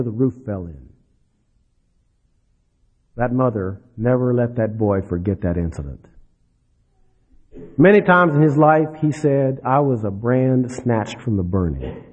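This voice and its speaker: A man preaching a sermon, dropping low and soft then rising for emphasis. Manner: dramatic, swings between soft drops and rising emphasis. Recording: dull lo-fi recording.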